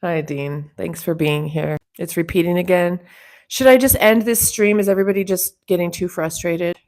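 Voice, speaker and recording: A woman's voice: fairly low pitch, normal speed, darkish tone. A woman hosting a casual livestream chat, reading out viewer comments and teasing them in a chatty way. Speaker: livestream host.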